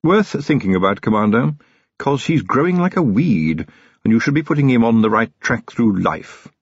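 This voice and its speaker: Brief: male narrator voicing a sly, knowing manservant, high and lively, dry close recording. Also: moderate pace, slightly rough, no echo, highs cut off. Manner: blunt, knowing, chatty. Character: shrewd cheeky male manservant, middle-aged.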